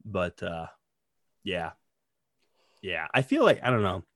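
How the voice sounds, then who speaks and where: Low-voiced man telling a rambling story. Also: sing-song, takes it slowly, dry recording, studio quality. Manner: rambling storyteller, frequent "like" fillers. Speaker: podcast co-host. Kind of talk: casual chat.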